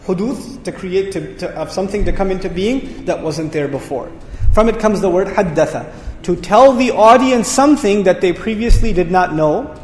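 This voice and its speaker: A man's voice: sits high, lively intonation, moderate pace, a little mellow. A man teaching a lecture on Quranic word meanings, explaining with energy and repeating his key words. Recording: echoey hall reverb.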